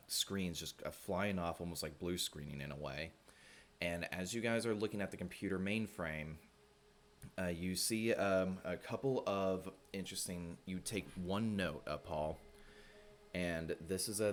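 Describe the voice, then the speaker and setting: A man narrating a tabletop game as game master, describing scenes with many filler words. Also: sits low.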